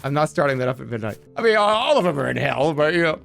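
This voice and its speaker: Man, streamer, casual joking chat, very lively pitch, faint background music. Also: fast, gravelly. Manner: animated, joking, answers chat.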